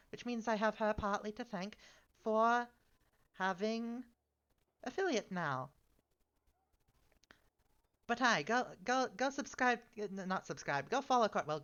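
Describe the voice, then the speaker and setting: A fairly high-pitched woman chatting through a live strategy-game stream. She talks politely and a little fussily, often fretting under her breath. The sound is slightly muffled, like a modest home mic. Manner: fussy, polite, given to "oh dear". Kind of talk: casual live-stream gaming commentary.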